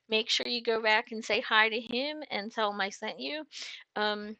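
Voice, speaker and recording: A woman's voice: a little high, normal speed, pushed and bright, no echo. A woman trucker chatting casually on a livestream, reading viewer comments aloud, bubbly and full of fillers and laughs. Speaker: trucker hosting a live chat.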